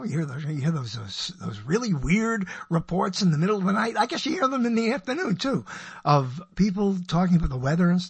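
Rambling older man with a husky voice. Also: sits high, dry recording. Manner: digressive, self-interrupting, wry. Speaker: radio personality. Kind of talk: rambling radio monologue.

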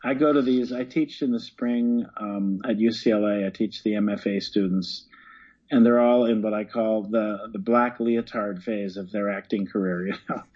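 Male acting-teacher guest, husky, earnest and explanatory, muffled lo-fi sound. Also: lowish voice, steady tone, normal speed. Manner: earnest, explanatory, repeats words as he builds a point. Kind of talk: casual conversation.

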